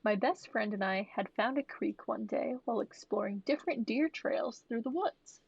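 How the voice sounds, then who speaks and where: A woman's voice: a little high, lively intonation, vocal fry, breathy edge, dry recording, lo-fi sound. A woman podcast co-host who jokes playfully and reads a listener story aloud. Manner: playful, quick to joke and laugh. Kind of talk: casual chat and story reading.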